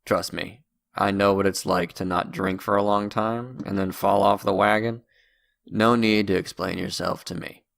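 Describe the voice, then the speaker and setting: A man voicing a blunt middle-aged bartender who speaks in a gruff, matter-of-fact way. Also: lowish voice, steady tone, moderate pace, fairly bright tone, no room sound.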